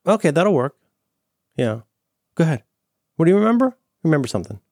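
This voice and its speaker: A man's voice: fairly high pitch, very animated, a little fast, darkish tone, dry recording, clean studio sound. A man co-hosting a casual podcast, playful and jokey, rambling through his thoughts. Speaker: podcast co-host. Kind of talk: casual chat.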